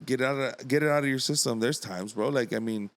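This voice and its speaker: A man's voice: mid-range voice, fast talker. A man hosting a podcast, talking in a rambling, earnest way and often restarting his sentences. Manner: rambling, earnest, self-interrupting. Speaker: podcast host. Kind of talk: casual chat.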